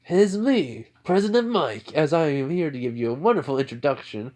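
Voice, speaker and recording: A man voicing a loud, showy announcer teacher with a booming, exaggerated delivery. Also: animated, normal speed, natural voice.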